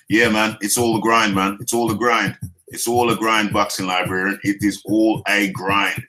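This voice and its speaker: A man's voice: fairly low pitch, little pitch movement, a little slow, pushed and bright, soft background music. A British man hosting a live boxing talk stream, joking and teasing his viewers in a loose, repetitive chat. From United Kingdom. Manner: jokey, teasing, chatty with viewers; laughs often, repeats phrases. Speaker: boxing talk show host.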